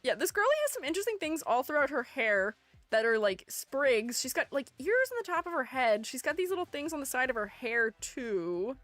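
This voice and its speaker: A woman's voice: high-pitched, very animated, brisk, a bit bright, no echo. A woman streamer in casual livestream chat, playful and chatty, reading her viewers' messages aloud and answering them. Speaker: streamer ranking game character designs.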